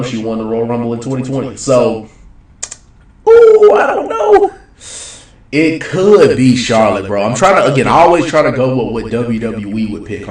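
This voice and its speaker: A young man talking casually and predicting wrestling results, in a loose, slangy, rambling way. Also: medium pitch. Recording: roomy echo, voice a bit far from the mic.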